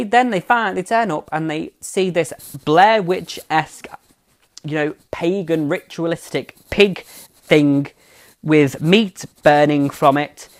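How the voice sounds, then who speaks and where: A young woman hosting a casual podcast, recapping a TV episode in a chatty, sarcastic way, swearing freely and wandering onto tangents. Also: fairly low pitch. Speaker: podcast host.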